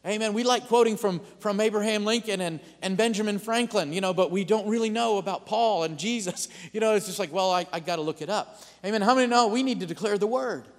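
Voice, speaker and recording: A man preaching a sermon as pastor, calling out amens and building to loud declarations. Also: high voice, quick pace, hardly any pauses, long reverb tail.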